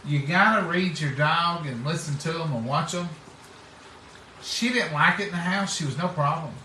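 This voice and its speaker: A middle-aged man spins folksy stories in relaxed chat, slipping into the voices of the people he quotes. His voice sits a little high for a man and sounds bright and forceful. He is picked up from some way off the mic in an echoey room. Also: moderate pace, a little hiss or hum. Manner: folksy, acts out quoted speech. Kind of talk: casual storytelling chat. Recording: roomy, distant mic.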